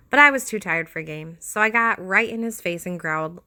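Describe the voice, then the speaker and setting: Bright-voiced woman narrating horror stories. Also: fairly low pitch, expressive, brisk, few pauses. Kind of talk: scripted horror story narration.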